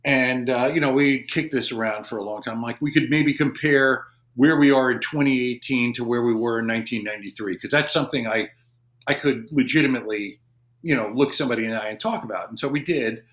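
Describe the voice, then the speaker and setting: A man's voice: mid-range voice, fairly quick, a bit bright. A man in his fifties, an army veteran guesting on a podcast in a studio, telling long casual stories and acting out what people said to him. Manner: rambling anecdotes, acting out quoted dialogue. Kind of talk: casual storytelling.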